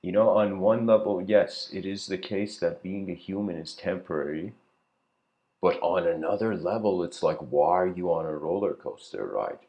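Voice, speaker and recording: A man giving a reflective, casual spoken lecture, musing aloud with loose asides and frequent throat clearing. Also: low-pitched, normal speed, dark tone, dull audio.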